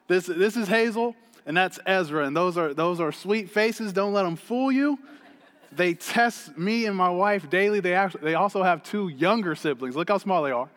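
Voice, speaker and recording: Energetic man preaching in an echoey hall. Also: high voice. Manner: energetic, chatty, laughing often. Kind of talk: sermon with personal story. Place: church hall stage.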